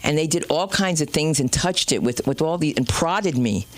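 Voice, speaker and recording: Woman, stand-up comedian, host, lively pitch, rambling story, salty language. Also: normal speed. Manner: animated, swearing, jumps between loud and low. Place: small comedy club stage.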